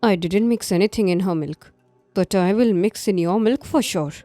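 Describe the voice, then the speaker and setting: An actress playing a composed wife who talks in a soothing, overly sweet way. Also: female voice, mid-range voice, normal speed, mellow, dry recording, faint music behind, close to an everyday voice. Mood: cold.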